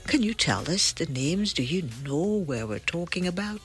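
A woman hosting a morning call-in quiz, brisk and teasing, repeating the phone number. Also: fairly low pitch, very animated, a bit bright. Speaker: radio host. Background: music.

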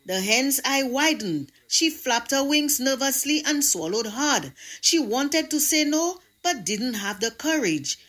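Woman devotional presenter, scripted, lively and expressive reading. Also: high-pitched, a little slow, hardly any pauses. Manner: expressive storytelling.

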